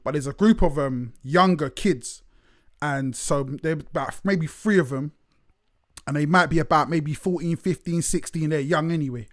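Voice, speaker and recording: A chatty man, relaxed and quick to laugh, swears freely in casual podcast banter. His voice is slightly high, and the sound is close and dry. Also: no echo. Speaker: podcast co-host. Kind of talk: casual chat.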